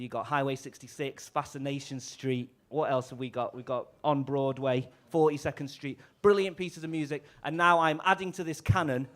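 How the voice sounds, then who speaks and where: A man and bandleader chatting and joking between tunes at a live gig, laughing often and stumbling over his words, on a stage microphone. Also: on the high side. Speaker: bandleader and clarinettist. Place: live music venue.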